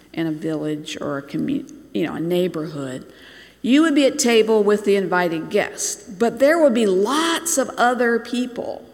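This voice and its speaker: A preacher who grew up in Bangladesh, telling a sermon as a story, slowing down and dropping to near-whispers to make a point. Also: mid-range voice. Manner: storytelling, slows and drops to near-whispers for emphasis. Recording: long reverb in a large hall.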